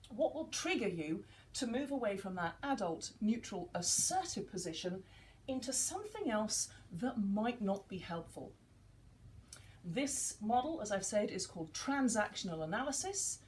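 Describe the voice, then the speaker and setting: A woman's voice: medium pitch, a little slow, a little hiss or hum, poor audio. A woman, giving a casual teaching talk and acting out bits of dialogue. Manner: animated, acts out dialogue in quotes.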